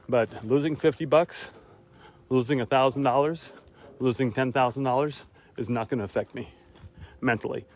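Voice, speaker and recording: A tired, winded man talking casually while walking outdoors, repeating his key lines for emphasis with pauses. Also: medium pitch, slight background noise. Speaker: motivational vlogger. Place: outdoors on a walk.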